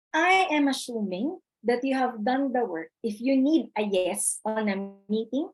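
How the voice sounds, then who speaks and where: A woman's voice: mid-range voice, a little mellow, poor audio. A woman giving a live webinar on presentation skills, chatty, reading the chat aloud and repeating her key points.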